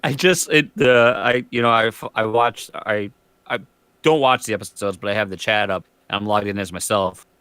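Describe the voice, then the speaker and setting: Low voiced guy on a podcast call, jokey and excitable, dry mic. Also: normal speed, clear, resonant tone, no room sound. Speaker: podcast co-host. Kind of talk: casual podcast chat.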